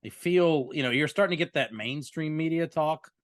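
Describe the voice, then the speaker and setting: A man's voice: on the high side, moderate pace, dry recording, clean studio sound. A man co-hosting a sports podcast, easygoing and full of fillers as he chats. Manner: laid-back, filler-heavy. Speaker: podcast co-host. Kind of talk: casual chat.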